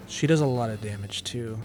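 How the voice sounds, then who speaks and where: A man talks through a strategy game as he plays, chatty and a little self-deprecating as he thinks aloud. His voice sits at a middling pitch, with faint game music underneath. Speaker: video game let's-player. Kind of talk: casual gameplay commentary.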